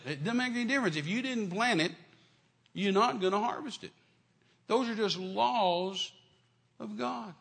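An older male preacher delivers a sermon with a gravelly, fry-laden voice that sits a bit high. He talks in a folksy, homespun way, repeating phrases and restarting lines for emphasis. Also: moderate pace, pauses often, a bit bright.

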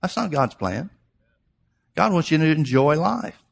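A man's voice: a little high, sing-song, unhurried, gravelly, slightly rough. A man preaching a sermon, reading scripture aloud and explaining it, emphatic and repeating key phrases for his listeners.

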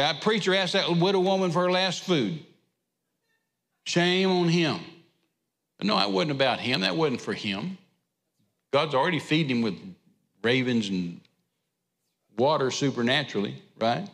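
A man's voice: medium pitch, gravelly, a bit bright, big-room sound. A man preaching a sermon, retelling scripture with an emphatic, repetitive cadence. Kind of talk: sermon storytelling. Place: church sanctuary.

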